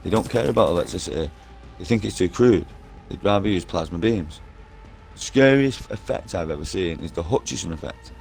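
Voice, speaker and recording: A man's voice: deep voice, lively intonation, a little fast, gravelly, darkish tone, faint music behind. A man in an online game party chat, ranting nonstop in a profane, repetitive and insistent way over a headset. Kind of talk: rambling conspiracy rant.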